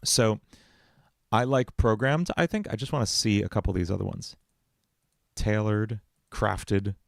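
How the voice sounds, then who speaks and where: A man's voice: fairly low pitch, animated, fairly quick, creaky, no room sound. A man hosting a casual livestream from his home studio, thinking aloud as he writes song lyrics and answers chat questions. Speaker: musician and livestream host.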